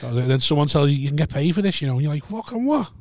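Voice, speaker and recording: A man's voice: on the high side, rapid-fire, darkish tone, dry recording. A man on a podcast, rattling off a story at speed in a slightly raised voice. He chats loosely, swears freely and agrees eagerly, recorded close and dry. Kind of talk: casual chat.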